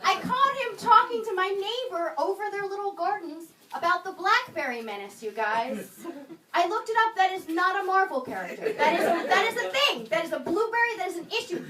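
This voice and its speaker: A woman performing a stand-up comedy set, with wry, sarcastic asides and pauses before punchlines. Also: very high-pitched, expressive, crowd noise. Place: small comedy venue in a video store, live audience. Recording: roomy live room, mic a bit distant, audience laughter.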